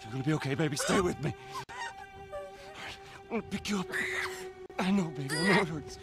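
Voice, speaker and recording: A wrecked game dad begging his kid to hang on, pitch swinging all over, music under it. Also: huge pitch swings, brisk, heavily acted. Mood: pleading. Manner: pleading, broken and sobbing. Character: desperate father holding his dying daughter. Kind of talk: video game cutscene acting.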